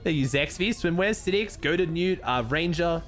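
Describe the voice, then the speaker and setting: A man's voice: a little high, expressive, moderate pace, a bit bright, soft background music. A young Australian man streaming casually, laid-back and cursing freely as he thanks viewers and comments on the game.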